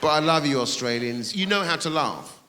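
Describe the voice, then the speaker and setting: A man's voice: a little high, expressive, moderate pace, over a noisy crowd. A man doing a brash stand-up comedy set, swearing and teasing the audience in a large theatre. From England. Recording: reverberant theatre with audience noise.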